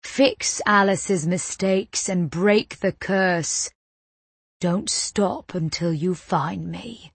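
Lady putting on a low cockney otherworldly guy, seductive and hushed, slow, from an audiobook. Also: creaky, husky, dry recording, exaggerated voice. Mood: beckoning. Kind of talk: audiobook reading.

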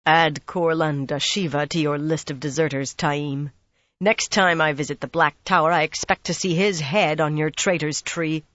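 A narrator voicing a guarded, hard young man who speaks softly yet harshly in a storybook reading. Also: medium pitch, fairly even intonation, normal speed, no room sound, highs cut off, close to an everyday voice. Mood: hard, tense. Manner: soft-spoken but harsh.

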